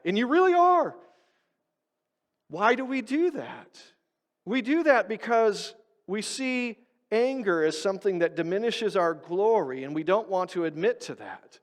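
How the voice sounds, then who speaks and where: Male pastor, high voice, chatty sermon with questions to the crowd, long church reverb. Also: very animated, normal speed. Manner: conversational, asks the congregation questions, acts out quoted voices. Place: church sanctuary.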